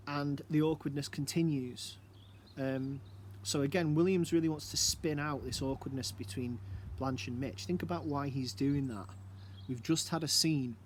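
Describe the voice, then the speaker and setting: A man's voice: mid-range voice, slight background noise. Chatty man teaching from home. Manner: chatty, musing, asks rhetorical questions. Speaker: English teacher. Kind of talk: recorded lesson explaining a play.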